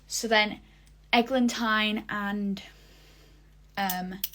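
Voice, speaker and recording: A young woman chats through a theatre review for her vlog, gushing and full of fillers. Her voice sits in a middle pitch, and her talk stays loose and unscripted. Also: steady tone, very slow, fairly bright tone, a little hiss or hum. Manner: chatty, gushing, many fillers. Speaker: vlogger.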